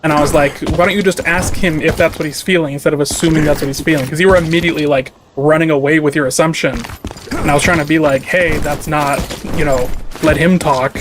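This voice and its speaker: A man's voice: a little high, steady tone, fast. Rambling man over a noisy game stream. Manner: loose, rambling, heavy on "like" fillers. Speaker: streamer playing a game while chatting. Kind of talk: casual chat.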